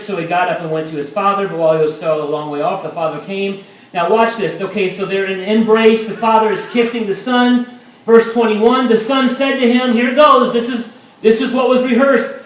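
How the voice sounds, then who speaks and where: High-voiced preaching man in echoey hall. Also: normal speed, a little hiss or hum. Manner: animated preaching, rising to shouts. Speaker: pastor. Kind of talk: sermon. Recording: echoey room, mic at a distance.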